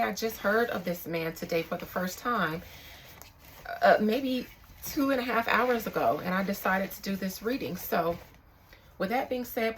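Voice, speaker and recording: A young woman speaking as a psychic reader in a casual, candid vlog monologue, reflective and quick to swear. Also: mid-range voice, a bit bright, slight background noise, poor audio.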